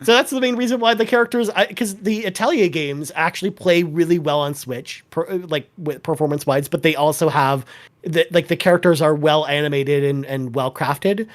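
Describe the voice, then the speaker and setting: Brief: young male podcast guest, raised pitch, loose and rambling, quick laughs. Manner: rambling, self-correcting, laughs often. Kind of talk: casual podcast chat.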